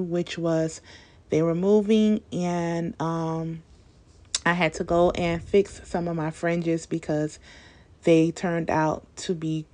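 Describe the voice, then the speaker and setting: A young woman talks through a home DIY project in a relaxed, chatty voice-over. Her voice sits a little low, and she speaks informally with plenty of fillers. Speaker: DIY video creator. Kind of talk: casual tutorial voice-over.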